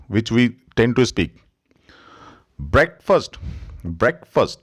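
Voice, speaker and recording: A man with an Indian English accent teaching pronunciation, slowly repeating each word as a drill. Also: mid-range voice, big pitch swings. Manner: slow, instructive, repeats words for drill. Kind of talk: pronunciation lesson.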